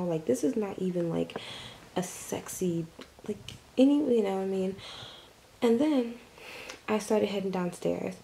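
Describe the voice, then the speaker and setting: A woman's voice: medium pitch, normal speed, gravelly, pauses often, mellow, slight background noise, low-quality recording. A young woman telling a story in a casual vlog, rambling with lots of fillers and the odd curse. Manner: rambling, filler-heavy retelling with lots of "like" and swearing. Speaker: vlogger. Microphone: camera mic.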